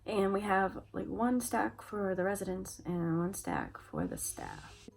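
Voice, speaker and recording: A woman's voice: medium pitch, huge pitch swings, measured pace, vocal fry, soft background music, rough recording. A young adult woman chatting to camera, telling a personal story in a casual way, full of "like" fillers and replayed conversations. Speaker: vlogger.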